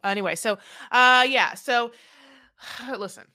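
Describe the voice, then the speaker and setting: A woman co-hosts a podcast in a loose, sarcastic chat. She rambles and trails off, and her voice is bright and forceful, sitting a bit high for a woman. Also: slow pace. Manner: rambling, sarcastic, full of fillers. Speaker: podcast co-host. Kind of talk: casual chat recapping a reality show.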